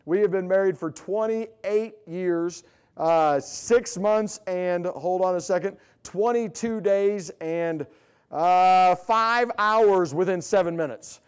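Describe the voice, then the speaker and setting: Folksy Southern preacher man, higher voice. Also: slow, smooth. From Illinois, raised in the US South. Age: middle-aged. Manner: folksy, self-deprecating, animated storytelling. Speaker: evangelist. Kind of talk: sermon introduction, storytelling. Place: church sanctuary.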